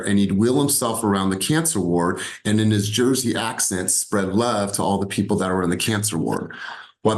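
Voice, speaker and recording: Middle-aged male sales coach, lowish voice, earnest and emphatic, sharing a personal motivational story. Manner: earnest, emphatic, repeats key phrases.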